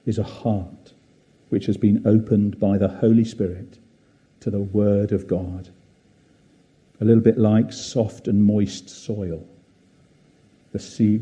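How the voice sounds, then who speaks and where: Male preacher, low and very dark tone, unhurried and reflective, church service sermon. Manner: gentle, warm and reflective, with many fillers.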